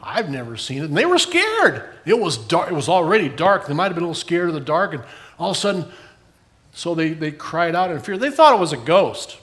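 A man's voice: fairly high pitch, sing-song, a little fast, a bit bright. An older man giving a children's sermon, asking the kids questions as he tells the story. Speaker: pastor giving a children's message.

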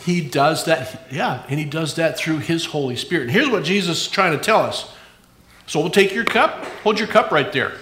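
A pastor giving a playful, animated children's sermon in a church. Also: mid-range voice, normal speed, echoey room, a little hiss or hum.

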